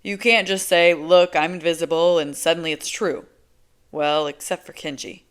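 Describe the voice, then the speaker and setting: A woman's voice: sits low, moderate pace, smooth. A woman reading a teasing, laid-back young man. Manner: relaxed, teasing, emphatic. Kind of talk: audiobook character voice.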